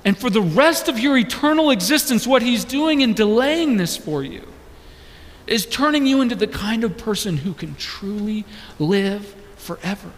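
A man's voice: high-pitched, lively intonation, normal speed, slight background noise. A young man preaching a sermon, earnestly asking the congregation question after question. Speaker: pastor. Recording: long hall reverb.

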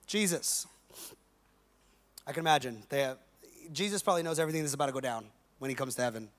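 A man's voice: medium pitch, fast. A male pastor preaching a conversational, joking sermon in slangy everyday talk to a live congregation. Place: church service with a live congregation.

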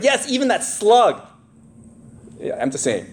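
A man's voice: sits high, measured pace, long pauses. A man preaching a sermon, reading scripture aloud in a raised voice and breaking off into casual, joking asides to the congregation. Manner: animated, rising to read scripture, conversational asides. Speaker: pastor.

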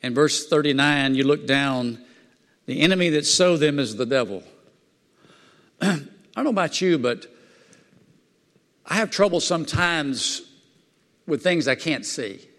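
A man preaching a sermon in a fervent, folksy way, swinging between loud excitement and quiet asides. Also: fairly high pitch, a little slow, pauses often. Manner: folksy plain-spoken preaching. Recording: long hall reverb.

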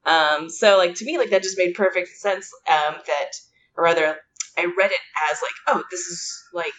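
Lower-voiced woman, hesitant, full of "like". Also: normal speed, fairly bright tone, a little hiss or hum, low-quality recording. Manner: hesitant, heavy use of "like" and "um". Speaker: podcast co-host. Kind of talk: casual chat.

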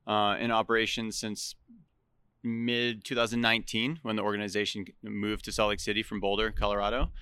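Plainspoken man, bright and clear. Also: lowish voice, no room sound, clean studio sound. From Massachusetts. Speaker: head coach of a national climbing team. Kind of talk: casual interview. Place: converted warehouse training center.

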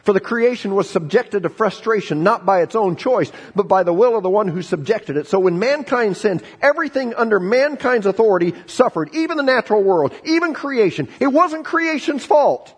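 A male pastor delivers a sermon in a high, husky voice, dropping from loud emphasis to hushed, slow refrains. His pitch rises and falls widely. The church sanctuary around him leaves a long trailing reverb. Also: sing-song. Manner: dramatic swings from loud emphasis to quiet, drawn-out refrains.

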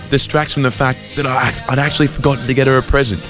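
A man's voice: medium pitch, steady tone, fast talker, fairly bright tone, faint music behind. An Australian man hosting a community radio show, rambling through a self-deprecating comic monologue with lots of fillers and restarts. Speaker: radio host.

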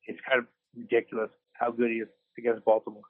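A man with a medium-pitched, slightly rough voice talks quickly in a completely flat delivery, co-hosting a casual sports podcast from a hospital room after surgery. He rambles with plenty of restarts and self-deprecating remarks, over a tinny phone line.

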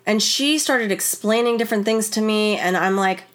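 A woman telling a personal story to camera in a casual, animated, rambling way, full of "like" and retold conversations. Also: medium pitch, moderate pace. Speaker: wellness vlogger and former wedding photographer.

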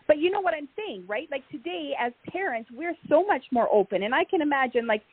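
A woman's voice: high voice, expressive, fairly quick, dry recording. A middle-aged woman hosting a casual conversation, chatty and affirming, with frequent fillers. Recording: tinny call audio.

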